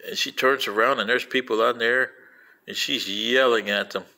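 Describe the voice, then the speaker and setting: An older man rambling through a personal anecdote, acting out quoted voices with lively storytelling. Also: mid-range voice, moderate pace, vocal fry. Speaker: vlogger playing an alien commentator.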